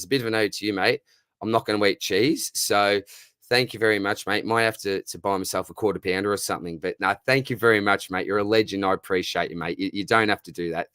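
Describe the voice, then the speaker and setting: An Australian man hosts a live Q&A on fantasy football, reading out viewer questions and chatting casually while saying "mate" constantly. His voice is lowish and a bit bright, with a clean tone. The recording is dry, with clean studio sound.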